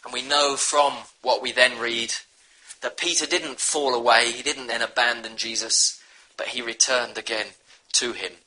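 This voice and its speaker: A man's voice: mid-range voice, fairly even intonation, moderate pace, pushed and bright, low-quality recording. A man preaching a sermon, earnestly urging his listeners to repent. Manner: earnest, pleading exhortation.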